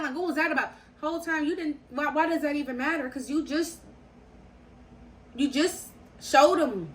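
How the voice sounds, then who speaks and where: A young woman telling a story to her viewers in casual slang, animated and repeating phrases for emphasis. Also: high voice, normal speed, long pauses. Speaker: storytime vlogger.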